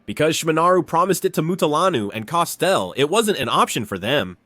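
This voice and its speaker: Animated male storyteller, lively pitch. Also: a little fast, few pauses, no room sound. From Romania. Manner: animated, switches into character voices. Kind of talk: storytelling narration.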